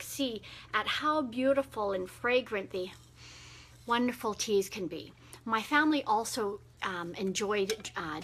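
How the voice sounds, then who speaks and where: A middle-aged woman hosting a casual live wellness video, talking gently with many fillers. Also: mid-range voice. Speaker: wellness host.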